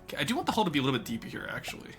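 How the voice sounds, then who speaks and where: A live streamer chatting casually with chat, excitable, swearing freely and breaking into loud laughing fits. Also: mid-range voice, rapid-fire, music in the background.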